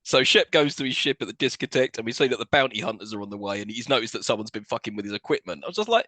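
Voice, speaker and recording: Bright, lively podcast man. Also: medium pitch, racing, few pauses, no room sound. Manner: laughs often while recapping scenes, swearing. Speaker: podcast co-host. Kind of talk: casual film review chat.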